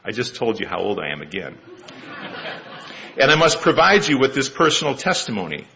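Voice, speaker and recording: A man in his sixties delivers a sermon in a gravelly, bright, somewhat forceful voice. He paces his points carefully and builds them through rhetorical questions. The recording is slightly dull and lo-fi. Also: lowish voice. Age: 60s. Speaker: lay preacher.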